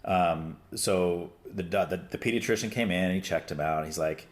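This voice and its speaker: A middle-aged man with a lowish voice tells stories in a relaxed, rambling way. He uses plenty of fillers and restarts, and he slips into other people's voices when he quotes them. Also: normal speed. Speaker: podcast host. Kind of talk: casual conversation.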